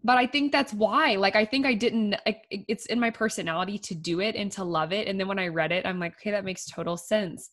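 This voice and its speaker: A woman's voice: medium pitch, fast, hardly any pauses, a bit bright. A young woman co-hosting a podcast, chatting casually and filling her talk with "like", laughing easily. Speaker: podcast co-host. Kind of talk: casual chat.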